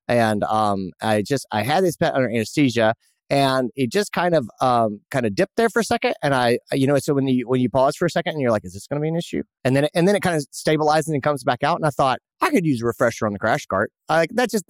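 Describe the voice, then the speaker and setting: A man's voice: medium pitch, dry recording, studio quality. A man hosting a podcast, chatting casually and joking with an old friend, with lots of restarts. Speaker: podcast host.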